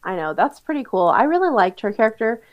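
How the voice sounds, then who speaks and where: Young female co-host, giggly casual chatter, high and lively delivery. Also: fast talker, dull audio. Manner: giggly, chatty, lots of fillers. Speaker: podcast co-host. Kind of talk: casual chat.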